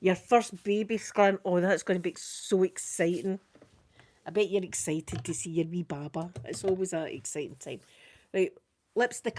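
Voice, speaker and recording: A Scottish woman chatting casually through a makeup ASMR video, quick and soft-spoken with frequent laughter. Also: lowish voice, a little hiss or hum. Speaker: ASMR creator doing makeup.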